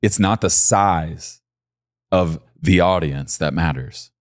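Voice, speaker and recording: A man in his forties preaching a sermon, talking to his listeners directly and pushing his voice up high and loud when he urges them on. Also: takes it slowly, dry recording, studio quality. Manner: emphatic, rises to high excited peaks when urging listeners.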